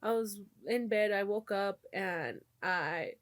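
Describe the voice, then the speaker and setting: A young woman talks loosely into the mic as a podcast host, swearing freely and dropping in Spanish phrases. Her voice sits at an ordinary middle pitch. The sound is close and completely dry, with no room around it. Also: slow, no echo. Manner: casual, swears often, mixes in Spanish. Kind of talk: casual chat.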